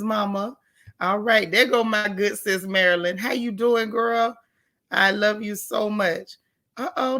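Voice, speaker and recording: A woman hosting a late-night gossip livestream, chatting casually and greeting viewers by name in a hushed voice. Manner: hushed, talking low like whispering. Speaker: gossip channel host.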